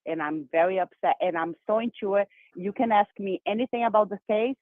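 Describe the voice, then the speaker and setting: A woman from Brazil with a Brazilian accent, calling in to a show and talking fast and emphatically. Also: medium pitch, no echo. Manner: fast, excited, emphatic talker. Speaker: caller. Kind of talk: call-in phone chat. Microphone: telephone. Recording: tinny dry phone line.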